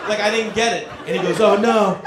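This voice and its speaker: A middle-aged man telling a stand-up story on a comedy club stage, animated and acting out the voices of the people in it. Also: high-pitched, fast talker, heavy background noise. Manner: animated, acts out quoted voices. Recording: roomy club with loud crowd. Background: audience laughter.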